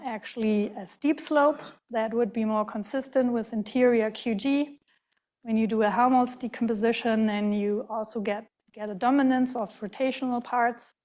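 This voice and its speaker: A woman with a darkish tone, a slightly high voice, and a German accent presents an academic lecture to a large hall. She's careful and hesitant, with plenty of fillers and restarted words.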